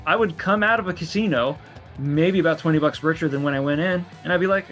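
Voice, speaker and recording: A man's voice: a little high, quick pace, a bit bright, soft background music. A man co-hosting a comedy podcast, telling a rambling travel story with lots of swearing and laughter. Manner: rambling, profane, laughs a lot. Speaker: podcast co-host. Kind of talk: casual chat.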